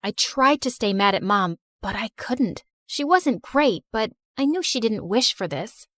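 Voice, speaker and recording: A woman narrating an animated story in the first person, in an expressive, confessional tone. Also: fairly high pitch, unhurried, dry recording, clean studio sound.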